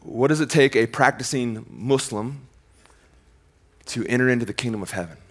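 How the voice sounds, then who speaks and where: A man of middle pitch preaches a sermon in a relaxed, conversational way. He swings from loud, emphatic declarations down to hushed, slowed passages, often repeating himself as he goes. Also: slightly rough. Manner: casual, conversational phrasing with frequent repeats. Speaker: pastor.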